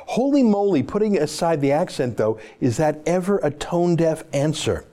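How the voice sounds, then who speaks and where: A man's voice: mid-range voice, mellow. A man hosting an opinionated political monologue, talking in a sarcastic, mocking and emphatic way. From Canada. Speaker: political commentator host.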